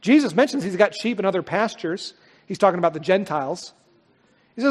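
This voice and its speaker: Preaching with earnest, dynamic force, a male pastor builds to loud swells and then sinks into hushed pauses. His husky, animated voice sits high for a man, and a long reverb from a large church hall surrounds it.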